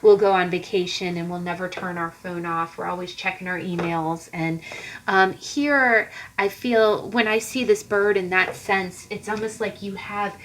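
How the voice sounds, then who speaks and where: A tarot card reader with a fairly low, fairly bright voice gives a casual reading directly to her viewers, speaking a little slowly with fairly even intonation. She rambles conversationally, full of fillers and restarts, over a rough recording with slight background noise.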